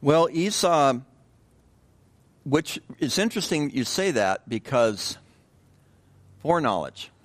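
A man leading an informal Bible study, talking in a loose, conversational way. He often repeats words, restarts his phrases and puts questions to the group. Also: on the low side. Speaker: Bible teacher.

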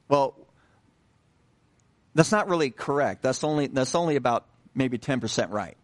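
Unhurried man preaching a casual sermon. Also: fairly high pitch. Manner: unhurried, repeats himself with many fillers and restarts; conversational, asks the congregation questions. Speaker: pastor.

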